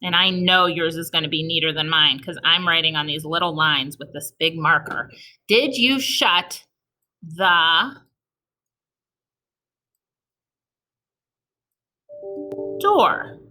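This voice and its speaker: A woman teaching an early-reading lesson to young children in a recorded video, sounding out each letter slowly and patiently and praising them. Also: low-pitched, level tone, pushed and bright, faint music behind.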